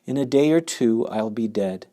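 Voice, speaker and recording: Soft, resigned female spider, low and quiet, read by a male narrator. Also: normal speed, natural voice. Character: calm, dying female spider, quiet and firm.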